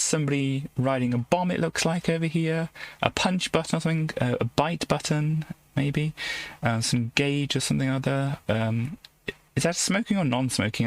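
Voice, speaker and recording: A man's voice: mid-range voice, dry recording. A man streaming a game live, reading its text aloud and adding wry asides, often restarting sentences and repeating words. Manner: wry asides between read passages.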